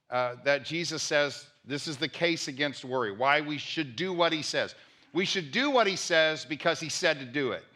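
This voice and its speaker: A man's voice: on the high side, sharp tone. A man, a pastor, preaching a conversational sermon and repeating key points for emphasis.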